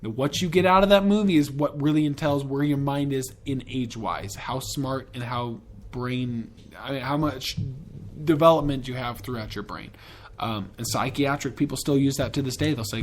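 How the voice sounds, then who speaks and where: A man's voice: mid-range voice, normal speed, a little hiss or hum. A man hosting a podcast in a casual, rambling and profane way, with enthusiastic tangents. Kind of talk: casual chat.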